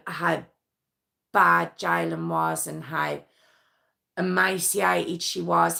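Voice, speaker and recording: A woman's voice: low voice, creaky, fairly bright tone. A woman hosting a true crime stream, giving indignant, skeptical commentary and reading out court statements with her own asides. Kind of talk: casual opinionated commentary.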